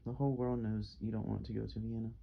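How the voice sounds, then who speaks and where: A man's voice: fairly low pitch, flat delivery, fast talker, creaky, muffled recording. A man reading an audiobook, voicing a blunt, startled middle-aged uncle who runs a shop. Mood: gruff.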